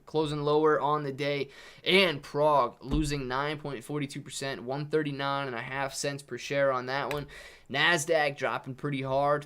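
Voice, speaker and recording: A man with a slightly high voice runs a casual live stream of market commentary. He talks in an upbeat, chatty way, calling out prices and thanking viewers by name. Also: a bit bright, clean tone. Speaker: live-stream host reading viewer chat.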